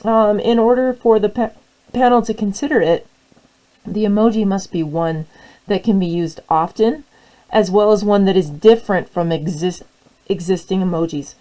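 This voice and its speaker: A woman's voice: medium pitch, moderate pace, warm tone, poor audio. A young woman teacher with the hiccups, giving a casual classroom tutorial in a friendly, rambling way. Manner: friendly, rambling with fillers and restarts. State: has the hiccups.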